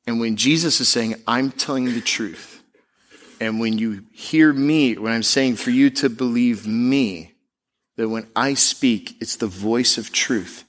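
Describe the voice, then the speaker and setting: A man pastor preaching a sermon, animated, slipping into mocking voices to make his points. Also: medium pitch, a little slow.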